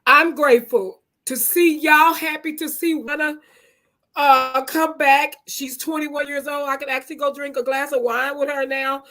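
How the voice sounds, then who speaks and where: Brief: high-pitched woman nonprofit leader, folksy and heartfelt, speaking on a video call. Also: little pitch movement, moderate pace, a bit bright. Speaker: nonprofit CEO. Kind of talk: emotional thank-you speech on a video call.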